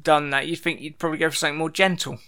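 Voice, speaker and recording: A man's voice: a little high, little pitch movement, rapid-fire, pushed and bright. A man co-hosting a podcast in casual chat, wry and reading out trivia notes. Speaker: podcast co-host.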